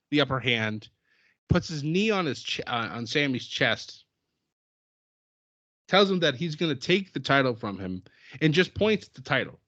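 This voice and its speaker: A man's voice: mid-range voice, a bit bright, dry recording, muffled recording. A man co-hosting a podcast, chatting eagerly about wrestling and laughing often. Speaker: podcast co-host. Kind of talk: casual wrestling chat.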